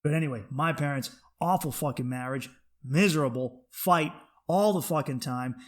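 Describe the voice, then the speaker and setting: A comic man riffing alone on his podcast, blunt and profane, rambling from one thought to the next. His voice sits a touch higher than most men's, with a loose, unscripted flow. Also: normal speed. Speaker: stand-up comic and podcast host. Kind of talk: casual comedy monologue.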